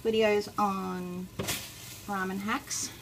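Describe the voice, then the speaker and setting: A woman's voice: mid-range voice, level tone, very slow, creaky. A woman hosting a casual cooking vlog, chatting through each step as she makes ramen. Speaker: mukbang host. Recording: loud kitchen noise behind her. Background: cooking, cutlery and pan sounds.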